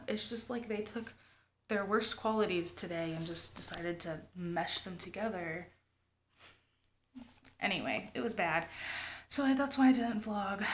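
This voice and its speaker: A woman's voice: medium pitch, a little hiss or hum. A woman, talking to her viewers in a rambling, confiding way, often dropping to a whisper. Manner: rambling, confiding, lots of "like" and "you guys", often drops to a whisper. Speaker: family vlogger. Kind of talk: confessional vlog talk.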